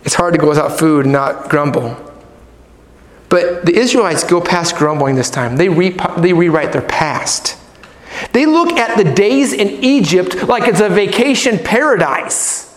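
A middle-aged male pastor preaching a sermon, swinging from loud emphatic points to low, soft prayer. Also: very animated, a little slow. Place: church hall. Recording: echoey church hall.

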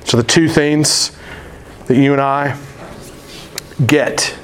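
A male pastor preaching a sermon in a casual, slangy, animated storytelling way. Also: mid-range voice, slow pace, a little hiss or hum.

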